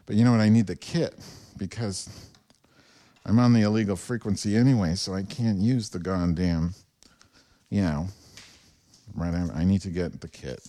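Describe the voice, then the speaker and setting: A man's voice: sits low, moderate pace, dark tone. A man hosting his own podcast from home on a wireless lavalier mic. He rambles in a profane, self-deprecating solo monologue. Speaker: podcast host. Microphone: wireless lavalier transmitter.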